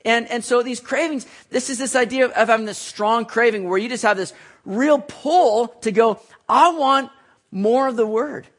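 A man delivers a sermon in a relaxed, conversational way. His voice sits high for a man, and he drops in little jokes and asides to people in the room as he teaches. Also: normal speed. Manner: conversational, jokes with listeners, writes on a board. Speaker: preacher.

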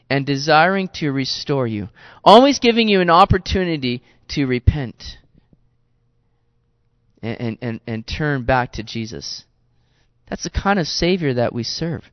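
A man's voice: a little high, no room sound. A man preaching a conversational sermon, earnest and chatty, often repeating words as he goes. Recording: dull lo-fi recording, dry.

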